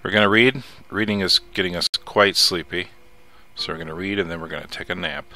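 A man's voice: deep voice, a little fast, bright, forceful tone. A man casually commenting as he plays a survival game, chatty, muttering to himself and swearing when something startles him. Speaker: let's play host.

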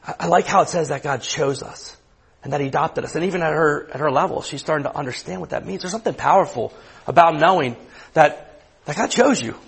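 A man in his thirties with a high, husky voice gives a youth sermon. He preaches conversationally, often repeating a word before finishing a thought and checking in with his listeners. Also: quick pace, rough recording. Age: 30s. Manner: conversational preaching, repeats words, asks the room questions. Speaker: youth pastor. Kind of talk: sermon to students.

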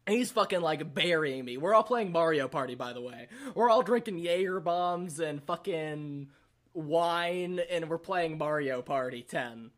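A man's voice: a little high, lively intonation, measured pace, a bit bright. A young man casually telling a rambling, profane party story on a podcast, laughing often. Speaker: podcast host.

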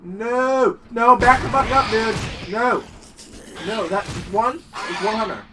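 A young man giving excitable, swearing let's play commentary while gaming. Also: high-pitched, slow pace, distant mic, heavy background noise. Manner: excitable, profane, rambling. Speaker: gaming channel host.

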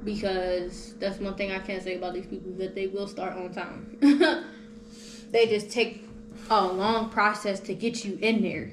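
A young woman hosting a podcast, telling travel stories in animated slang-filled casual chat. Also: medium pitch, unhurried. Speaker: podcast host. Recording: echoey room with faint noise.

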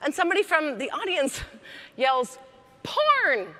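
A woman giving a comedic keynote talk on stage, chatty and lively, laughing between lines. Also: a little high, moderate pace, a little hiss or hum. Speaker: keynote speaker. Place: large hall on stage. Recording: echoey hall reverb.

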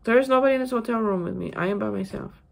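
A woman's voice: fairly high pitch, racing, vocal fry. A woman giving a casual spoken daily reflection on recovery from a hotel room. She talks emphatically and repeats words for stress. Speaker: recovery vlogger.

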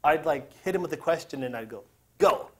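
A man's voice: fairly high pitch, lively intonation, fast. A man leading a group Bible lesson, reading scripture aloud with casual, joking asides. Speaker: Bible teacher.

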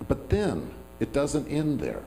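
A man's voice: medium pitch, wildly swooping pitch, takes it slowly, dark tone, slight background noise, rough recording. Conversational male pastor preaching. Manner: conversational, self-deprecating, with asides. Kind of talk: sermon.

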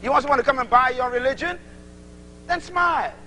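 A man's voice: extremely high pitch, fairly quick, slight background noise, poor audio. A man preaching a sermon to a congregation, acting out little dialogues as he teaches. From Bahamas. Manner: animated, acts out little dialogues.

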